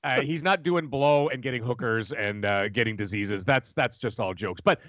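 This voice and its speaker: A man, chatting casually as a podcast co-host, rambling and animated. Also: medium pitch, moderate pace, no echo. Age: 40s. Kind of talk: casual chat.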